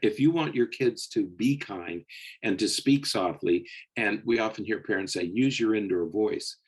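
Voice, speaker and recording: A man's voice: lowish voice, expressive, normal speed, husky. A man co-hosting a psychology podcast, explaining patiently and checking in with listeners in a conversational way.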